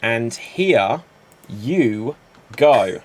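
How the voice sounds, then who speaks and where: Slow-talking man hosting an improv show. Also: medium pitch, lively intonation, a little hiss or hum. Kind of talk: introducing improv games.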